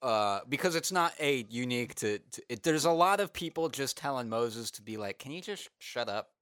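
A man co-hosting a casual comedic podcast, laid-back and animated when he jokes. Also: medium pitch, moderate pace, clean tone, dry recording, studio quality. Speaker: podcast co-host.

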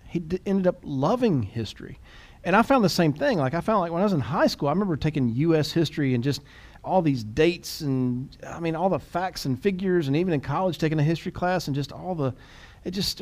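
A man co-hosting a podcast in casual chat, quick and animated, often restarting and repeating words. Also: on the high side. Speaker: podcast co-host.

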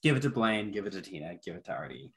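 Lively low-voiced man chatting. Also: fast talker. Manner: animated, laughing recaps with many fillers. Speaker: podcast co-host. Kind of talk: casual chat.

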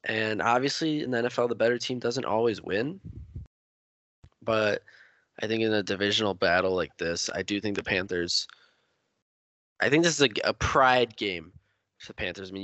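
A man's voice: on the low side, normal speed, fairly bright tone, no echo, muffled recording. Man hosting a sports podcast. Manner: leads the talk, hands off to each guest. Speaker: podcast host. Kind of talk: casual sports podcast debate.

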